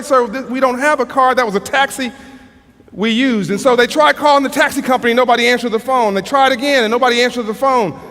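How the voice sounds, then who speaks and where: An American man telling a story as a motivational speaker, earnest, with frequent restarts and dramatic pauses. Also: extremely high pitch, a bit bright. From United States. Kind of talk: storytelling speech. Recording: long hall reverb.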